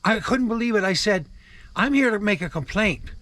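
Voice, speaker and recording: A man's voice: sits high, animated, moderate pace, sharp tone, no echo. An older Canadian man ranting angrily and profanely in a vlog, retelling phone calls and repeating "I said". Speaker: vlogger. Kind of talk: angry ranting monologue. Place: home in the wilderness.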